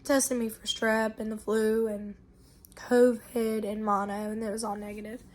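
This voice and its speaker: A young woman, sick with bronchitis, telling viewers a long story in an animated, exasperated way. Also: a little high, a little slow. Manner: animated retelling, exasperated asides. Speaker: family vlogger.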